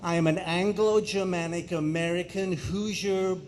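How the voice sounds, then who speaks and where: A middle-aged man from England, a guest speaker giving a lively, jokey presentation that speaks directly to the audience in a high school auditorium. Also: normal speed, slight background noise.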